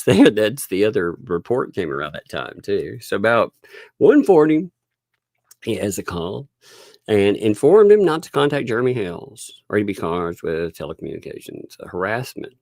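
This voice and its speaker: A man hosting a casual livestream, laughing often and mocking people with quick impressions. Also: lowish voice, darkish tone, no room sound, studio quality. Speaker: livestream host. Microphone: desk microphone.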